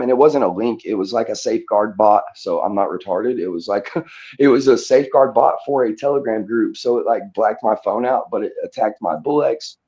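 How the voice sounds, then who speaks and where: A man's voice: on the low side, mellow, muffled recording. A man talking casually on a live audio chat, rambling and hesitant with many fillers and restarts.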